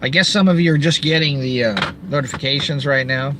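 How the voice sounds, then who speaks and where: A middle-aged man hosting his own channel, ranting in an animated, sarcastic monologue with shouted outbursts. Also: medium pitch, fairly quick, background noise. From Southern California. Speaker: channel host.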